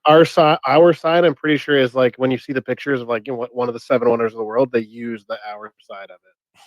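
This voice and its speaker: A man's voice: mid-range voice, fairly even intonation, fast talker, dry recording, lo-fi sound. A man co-hosting a casual podcast, talking in a laid-back way with many fillers. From Canada. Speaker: podcast co-host.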